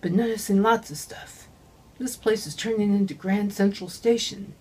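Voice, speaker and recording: Woman voicing a breathy drunk old man, over seventy, rambling, audiobook. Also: medium pitch, fairly even intonation, normal speed, darkish tone, lightly acted, poor audio. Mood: gossipy. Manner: rambling, slurred by drink.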